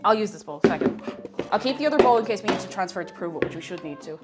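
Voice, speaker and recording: Chatty woman with a lively voice. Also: medium pitch, very fast, over loud music. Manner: chatty, greets viewers by name. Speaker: baking livestreamer. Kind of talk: casual chat while baking.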